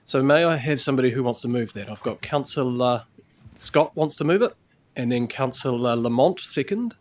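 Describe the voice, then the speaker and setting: A man chairing a council meeting in a procedural, halting way with many fillers, at a chamber table microphone. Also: mid-range voice, animated.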